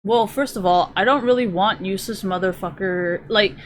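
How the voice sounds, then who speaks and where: A woman's voice: medium pitch, moderate pace, a little hiss or hum. A woman streamer ranting to her live chat, profane and rambling, sometimes drifting away from the mic as she browses.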